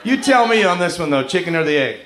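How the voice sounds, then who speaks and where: Lively comedian in a roomy club. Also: male voice, sits high, fast talker, heavy background noise. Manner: animated, breaks into loud singing and character voices. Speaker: stand-up comedian. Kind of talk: stand-up comedy set. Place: comedy club stage with a full house. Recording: roomy club sound with loud music.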